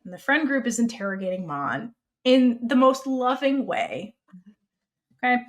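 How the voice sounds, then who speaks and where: Woman podcast co-host, fairly high pitch, animated casual recap. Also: unhurried. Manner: animated, swears freely, acts out characters' lines.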